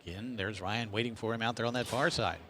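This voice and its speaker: Energetic male play-by-play caller. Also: fairly low pitch, background noise. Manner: rapid, energetic shot-by-shot calling. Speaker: play-by-play commentator. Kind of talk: live sports commentary.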